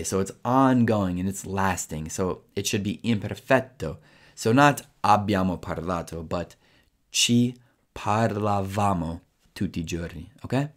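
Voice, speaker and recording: A man teaching a language lesson, explaining grammar step by step and patiently repeating each phrase slowly. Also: on the low side.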